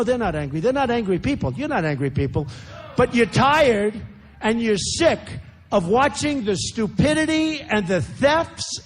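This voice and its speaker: An older man with a New York accent, delivering a campaign speech at a large rally with repetitive, boastful phrasing and chatty asides to the crowd. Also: very high-pitched. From United States. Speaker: candidate speaking at a rally. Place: large indoor rally venue.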